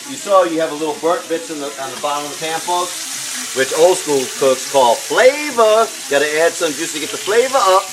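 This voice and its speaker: A man hosting a casual live cooking show at home, joking and shouting catchphrases. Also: fairly high pitch, noisy background. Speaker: home cook host. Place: home kitchen with pan sizzling.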